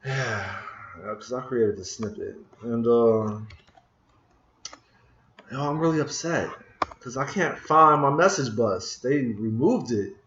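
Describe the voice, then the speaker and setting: A programming screencast host casually talks through code at his computer, muttering in frustration while hunting for a missing tool. His medium-pitched voice is slow, reverberant, and lo-fi over a noisy background of keyboard typing and clicking.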